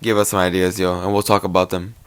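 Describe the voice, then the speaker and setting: A young man hosting a casual podcast, loud and joking, swearing often and laughing easily. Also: deep voice, level tone, quick pace, smooth. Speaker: podcast host.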